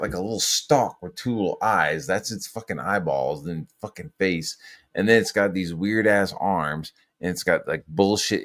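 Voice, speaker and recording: Low-voiced man rambling, swearing freely. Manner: rambling, profane storytelling with many fillers. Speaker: podcast host. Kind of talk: casual chat.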